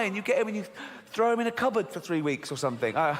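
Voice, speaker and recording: A middle-aged man doing a stand-up comedy routine on stage, animated and laughing at his own jokes. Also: high-pitched, quick pace, pauses often, slight background noise. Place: large theater stage with a live audience. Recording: live hall recording with long reverb.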